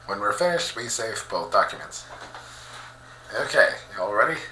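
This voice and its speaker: Male let's-play host, reads a visual novel aloud, bright voice, lively swoops in pitch, roomy echo. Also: moderate pace, a little hiss or hum. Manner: excitable, animated reactions.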